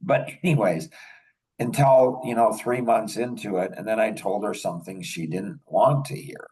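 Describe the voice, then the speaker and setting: A man's voice: lowish voice, normal speed, a little mellow, husky, distant mic, low-quality recording. An older man hosting a podcast, telling rambling anecdotes in casual chat and chuckling often. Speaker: podcast host.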